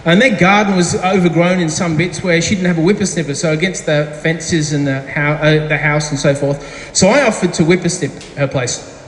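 A man's voice: on the high side, normal speed, slight background noise. A middle-aged man preaching a sermon as pastor, telling a story chattily with self-deprecating asides. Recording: echoey hall with faint ambience.

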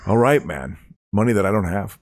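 A man's voice: lowish voice, animated, a little fast, no echo, clean studio sound. A comedian co-hosting a casual podcast, a man who rambles with stammering restarts. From not from Chicago.

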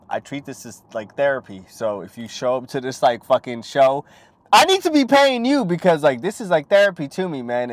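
Profane rambling young man hosting a show. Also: mid-range voice. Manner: profane, rambling, animated impressions. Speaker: podcast host. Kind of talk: crude comedic monologue.

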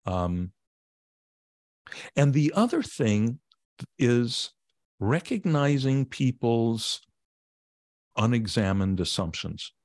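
A man, a meditation teacher, explaining ideas in plain language with gentle humor during a conversational podcast interview. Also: mid-range voice, sing-song, takes it slowly, pauses often, no echo, studio quality. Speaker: meditation teacher and author, guest.

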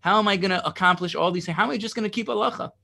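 A man's voice: high-pitched, rapid-fire, vocal fry, sharp tone. A man teaching a religious text lesson, reading passages and translating them, explaining with rhetorical questions and a frequent "right?".

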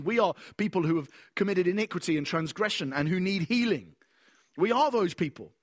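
A high-pitched man preaches, bringing his sermon's stories to life and acting out the voices of their characters.

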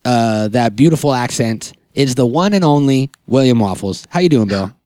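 A man's voice: medium pitch, lively intonation, normal speed, warm tone, no room sound. Joking male podcast host, dry sound. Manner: joking, laughs often. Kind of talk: casual podcast chat.

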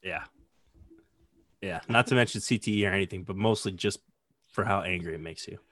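A man's voice: sits low, a little fast, a bit bright, dry recording. A man in his twenties, a podcast co-host, telling stories in casual chat with lots of "like" fillers. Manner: rambling storyteller, frequent "like" fillers.

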